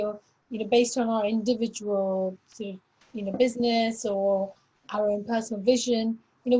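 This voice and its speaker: Mellow breathy woman interviewer. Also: a little high, poor audio. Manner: friendly, probing, thoughtful questions. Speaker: interviewer host. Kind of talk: conversational interview.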